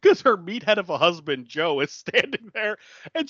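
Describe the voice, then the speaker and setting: Lively podcast co-host retelling a movie. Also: medium pitch, fairly quick, dry recording, muffled recording. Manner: animated, laughing, acts out characters' lines. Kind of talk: casual movie recap.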